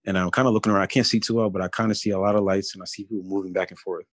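A man's voice: low voice, fairly even intonation, racing, no room sound. A man in his twenties casually telling a personal story, with many fillers and asides. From Philadelphia area. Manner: casual, many fillers like "you know" and "kinda".

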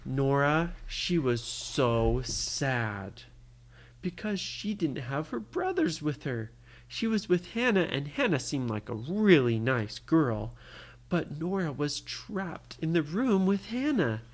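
A storyteller telling an improvised bedtime story, animated and often asking the listener what happened next. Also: mid-range voice, slow pace. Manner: animated, keeps quizzing the listener.

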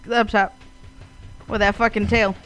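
A man with an unusually high, bright and sharp voice, chatting among friends. He retells what just happened with lots of cursing and acted-out reactions. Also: a little slow, soft background music, rough recording. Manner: animated, profane storytelling with acted-out reactions. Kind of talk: casual chat among friends.

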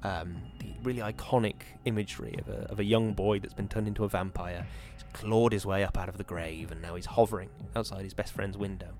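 A man hosting a podcast, giving a measured, dramatic reading of a horror novel and then chatting about it. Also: on the low side, steady tone, a little mellow, soft background music. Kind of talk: dramatic reading and casual commentary.

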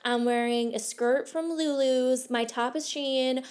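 A woman's voice: sits high, steady tone, a little slow, a little mellow, pitched above the performer's own voice. A woman voicing a bubbly young American sorority girl in an American accent, listing her outfit. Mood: perky. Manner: perky outfit rundown.

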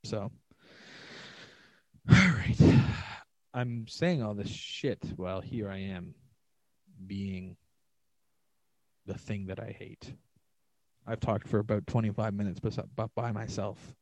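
A man's voice: lowish voice, steady tone, measured pace, long pauses, a little mellow, no echo. A man hosting a podcast alone, ranting in a loose, profane, sarcastic ramble, recorded close on a podcast mic. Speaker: podcast host. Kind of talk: solo rambling podcast monologue.

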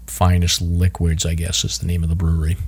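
A man's voice: sits low, monotone, fairly quick, darkish tone, slight background noise. A man hosting a hiking podcast in casual chat, loose and chatty with many fillers and restarts. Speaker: podcast host.

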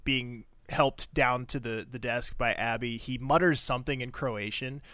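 A man's voice: medium pitch, steady tone, a little slow, bright, forceful tone, dry recording. A man co-hosting a podcast, recapping a TV episode in blunt, crude, laughing casual chat. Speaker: podcast co-host.

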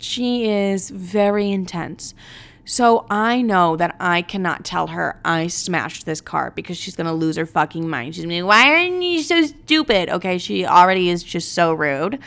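A young woman hosting a podcast, telling stories in a brash, profane, animated monologue. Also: lowish voice, normal speed, vocal fry. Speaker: podcast host. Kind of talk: casual storytelling monologue.

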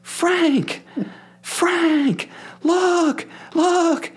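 A man voicing an excited, starstruck middle-aged woman in a shrill falsetto as he retells a story. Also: extremely slow, exaggerated voice. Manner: gushing, squealing repetition.

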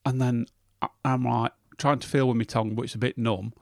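A man's voice: mid-range voice, level tone, fairly quick, vocal fry, a little mellow, dry recording, studio quality. A middle-aged man, casually telling a funny story and chuckling along. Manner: chatty, laughing at his own tale.

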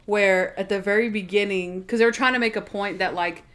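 A woman co-hosts a podcast, chatting casually about TV episodes. She talks in an animated way with plenty of filler words. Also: medium pitch, brisk. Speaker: podcast co-host. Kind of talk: casual chat reviewing TV episodes.

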